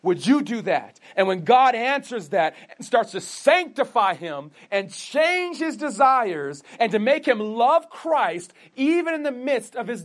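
Male pastor preaching, high voice, earnest, rhetorical questions, stumbles and restarts. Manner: earnest, asks rhetorical questions and answers them himself; says he stutters, with frequent restarts. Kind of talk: sermon.

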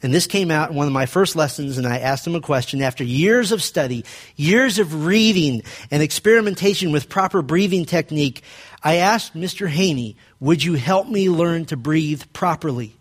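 A man pastor preaching a sermon, telling a personal story and dropping low and quiet to stress his points. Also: a little fast.

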